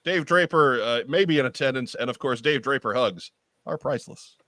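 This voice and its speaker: A man hosting a podcast in casual chat, reading event details with wry, deadpan asides. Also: mid-range voice, brisk, no room sound. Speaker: podcast host.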